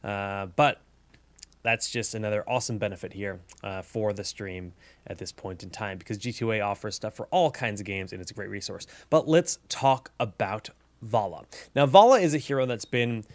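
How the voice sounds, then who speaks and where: A man's voice: lowish voice, normal speed, dry recording. Upbeat chatty man hosting a gaming channel. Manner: upbeat, chatty, lots of fillers. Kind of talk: casual game news and strategy guide.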